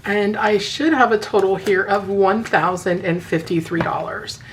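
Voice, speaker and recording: A woman with a hoarse voice that sounds a little sick, chatting casually to her viewers and counting cash aloud in quick runs. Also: mid-range voice, a little hiss or hum, poor audio. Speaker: budgeting vlogger. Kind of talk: casual friendly chat to camera.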